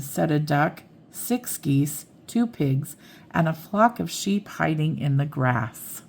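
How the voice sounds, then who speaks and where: An older woman reading a bedtime story aloud in a slow, gentle manner. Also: low-pitched, animated, gravelly.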